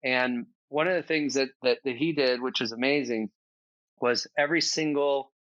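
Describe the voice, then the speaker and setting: A man's voice: medium pitch, normal speed, a bit bright, no room sound, highs cut off. A man speaking as a podcast guest in a casual, earnest, reflective conversation, thinking aloud with fillers.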